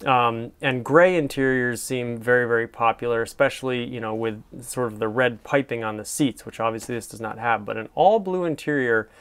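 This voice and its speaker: A man's voice: mid-range voice, a little fast, hardly any pauses, fairly bright tone, smooth. A man reviewing a car from photos in casual commentary, gushing and enthusiastic, wandering with many fillers.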